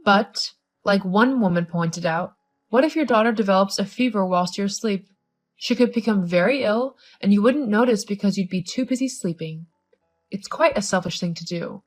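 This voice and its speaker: A condescending older mother-in-law who nags and belittles, read by a woman. Her voice sits at a middle pitch and she lectures in a steady scripted delivery. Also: normal speed, soft background music, natural voice. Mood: scolding. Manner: condescending, nagging. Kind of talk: scripted story narration.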